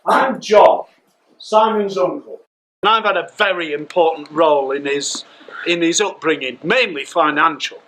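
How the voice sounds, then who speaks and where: An amateur actor playing a brusque, boastful middle-aged uncle who pays for the wedding. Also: male voice, on the high side, normal speed, fairly bright tone, poor audio. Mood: smug. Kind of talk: amateur stage acting.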